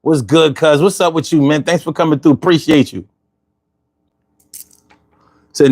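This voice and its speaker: A man hosting a casual podcast stream, reading chat comments aloud and riffing in a profane, animated way. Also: a little high, unhurried. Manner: profane, animated, riffs into rhymes.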